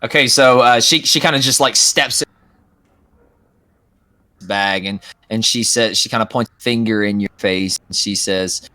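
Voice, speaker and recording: A man running a tabletop game as game master, narrating haltingly with many fillers. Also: lowish voice, bright, forceful tone, no echo. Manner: halting, full of fillers and hedges.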